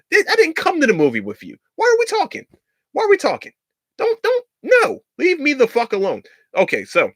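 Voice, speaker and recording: A man's voice: mid-range voice, no room sound. Profane casual male podcast host. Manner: profane, rising to loud exasperated outbursts. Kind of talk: casual solo podcast rant.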